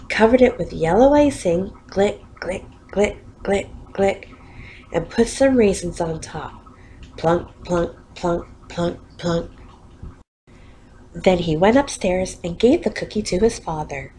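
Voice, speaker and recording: A woman reading a children's story aloud, animated and playful with sound effects. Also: mid-range voice, takes it slowly, slight background noise, low-quality recording.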